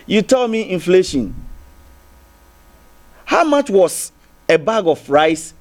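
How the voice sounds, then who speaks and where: A man with a Ghanaian English accent argues as a guest in a heated TV panel debate, keeping circling back with repeated restarts and rhetorical questions. His voice is high and very animated, but he speaks slowly.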